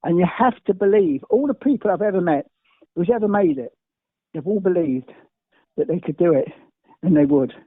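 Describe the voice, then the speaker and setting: A man's voice: high-pitched, expressive, normal speed, pauses often, no room sound. An older man from England, a guest telling emphatic, repetitive, rambling stories. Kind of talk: anecdotal interview storytelling. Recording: dry, tinny phone-like sound.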